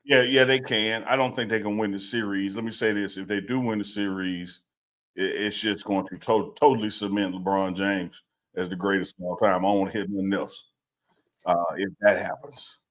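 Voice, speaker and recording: A man co-hosting a live sports talk stream, animated and exclamatory. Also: fairly low pitch, normal speed. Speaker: co-host of a sports talk show.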